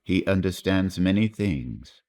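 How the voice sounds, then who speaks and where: A man's voice: low voice, animated, darkish tone. A man voicing a grave young Italian fisherman. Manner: grave, earnest, halting. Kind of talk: audiobook reading.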